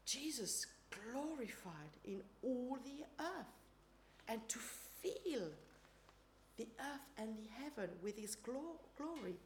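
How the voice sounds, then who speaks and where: A woman preacher speaking slowly and deliberately, in a calm, unhurried way. She moves between teaching and leading a guided prayer, and sometimes drops to a soft, earnest voice. Her words ring out in an echoey room with a faint hum of ambience behind her. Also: fairly high pitch.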